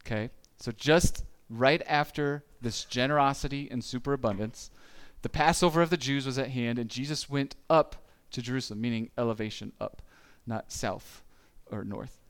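A man's voice: medium pitch, clear, resonant tone. Man preaching a conversational sermon. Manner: conversational, with playful acted-out quotes and repeated restarts. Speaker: pastor.

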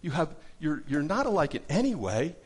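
A man's voice: on the high side, big pitch swings, brisk, darkish tone, breathy edge, pitched above the performer's own voice. A man putting on an exasperated male marriage counselor who questions a couple in disbelief. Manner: incredulous, pleading.

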